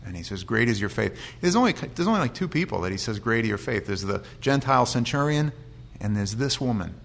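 A middle-aged man teaching from the Bible in a relaxed, conversational way. He reads scripture aloud, then unpacks it in plain, everyday language. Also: medium pitch, fairly quick, vocal fry. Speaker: pastor.

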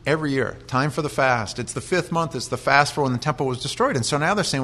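A male pastor gives a conversational sermon in a church hall. His pitch rises and falls a lot as he tells the story and turns to the congregation with joking asides. He sounds relaxed and unscripted, as if talking with the people in front of him. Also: quick pace, hardly any pauses.

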